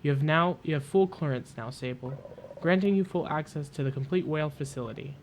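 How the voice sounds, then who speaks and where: A man voicing a calm, emotionless ancient facility AI in a measured, formal way. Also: on the high side, a little hiss or hum, natural voice.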